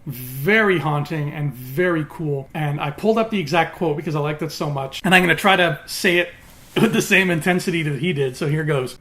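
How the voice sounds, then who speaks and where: A man talking casually as a TV reviewer, recapping in an animated way with quick acted quotes. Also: a little high.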